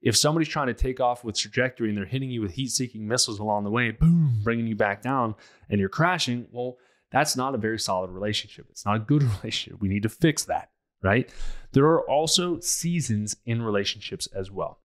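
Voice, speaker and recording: A man's voice: mid-range voice, fairly quick. A man with a mid-range voice talks through relationship advice as a podcast host. He speaks bluntly and emphatically, in a loose, casual monologue.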